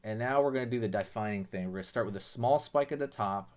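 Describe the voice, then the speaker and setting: Here a fast-talking man with a voice on the low side runs a drawing lesson, explaining every step casually. He sounds relaxed and chatty, filling his speech with "you know" and "right."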